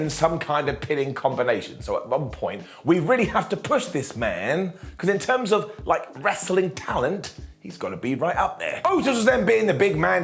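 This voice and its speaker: A man's voice: a little high, a bit bright. A man reviewing a wrestling show in a joking, sarcastic way, often quoting people in mock voices. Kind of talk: animated wrestling recap.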